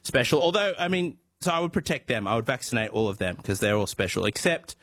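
A man's voice: medium pitch, very animated, quick pace, a bit bright, no echo. A man on a comedy panel, meandering and dry in his delivery.

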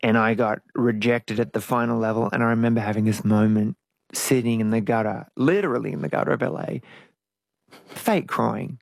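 A man's voice: mid-range voice, normal speed, vocal fry, no echo. A middle-aged man, a guest musician, telling his story candidly in an interview and acting out his own past voices. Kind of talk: conversational interview.

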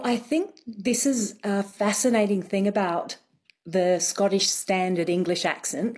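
A woman accent coach, a guest on a radio interview, explaining things thoughtfully with many pauses and ums. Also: medium pitch, darkish tone, slightly rough.

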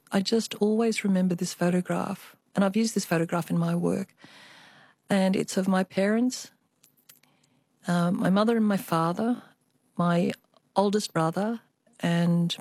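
A woman's voice: medium pitch, fairly even intonation, moderate pace, darkish tone, dry recording, studio quality. An older woman, an artist, telling family stories as a guest in a radio interview. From Australia. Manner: reflective storytelling, with small restarts.

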